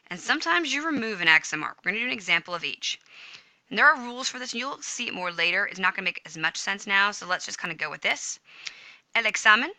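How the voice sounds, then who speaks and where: A woman's voice: medium pitch, sharp tone, no echo, rough recording. A woman teacher walking students through Spanish grammar notes on screen, upbeat and chatty, catching and fixing her own slips. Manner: upbeat, chatty, self-correcting. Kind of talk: screen-recorded grammar lesson. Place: home room with a smart speaker.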